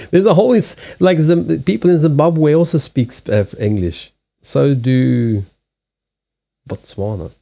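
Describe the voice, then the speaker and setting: A man from Africa runs an informal card-reading live stream, chatting and answering viewers while often restarting what he says. His fairly high voice is creaky with a dark tone, and the streaming setup cuts off the highs.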